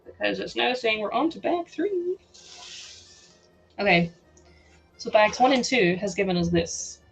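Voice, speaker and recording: Young woman livestreaming with a headset, slight gravel, sore throat, giggly and chatty, faint music behind. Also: mid-range voice, expressive, a little slow, rough recording. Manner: chatty, giggly, reacts to chat aloud. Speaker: livestream host. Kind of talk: casual livestream chat while building.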